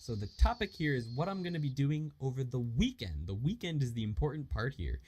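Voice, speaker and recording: A man teaching a casual language lesson, explaining grammar and reading example phrases slowly and patiently. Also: mid-range voice, sing-song, a little mellow, slight background noise. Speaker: Japanese learner teaching a lesson.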